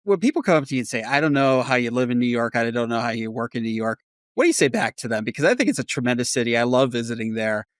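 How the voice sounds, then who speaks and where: A man's voice: mid-range voice, expressive, fast talker, dry recording, studio quality. A man hosting a podcast interview, asking questions in a friendly, easygoing way. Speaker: podcast host. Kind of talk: casual interview.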